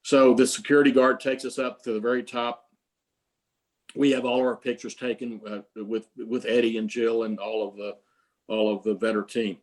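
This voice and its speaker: A man's voice: mid-range voice, level tone, normal speed. An older man, an interview guest, telling long stories with many fillers and restarts. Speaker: interview guest, prize creator. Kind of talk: storytelling in an interview.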